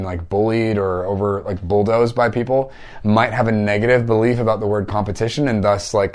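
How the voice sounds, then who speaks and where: A man mentoring listeners in a casual teaching talk, conversational, often tagging thoughts with "like" and "right?". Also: lowish voice. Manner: conversational, frequent "like" and "right?" tags.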